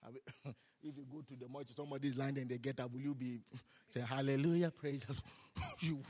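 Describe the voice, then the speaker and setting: A man preaching a sermon, telling stories with laughs and shouting his declarations. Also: medium pitch, steady tone, fast talker. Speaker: pastor. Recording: hall reverb.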